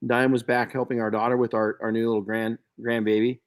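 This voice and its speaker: A man's voice: mid-range voice, a little fast. Middle-aged man telling stories on a podcast. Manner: storytelling, animated, frequent restarts and self-corrections. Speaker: podcast host. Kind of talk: casual podcast chat.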